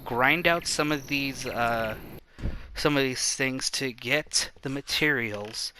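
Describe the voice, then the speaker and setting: A man's voice: mid-range voice, slow pace, pushed and bright, slight background noise. A man giving casual let's play commentary with muttered asides. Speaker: gaming channel host.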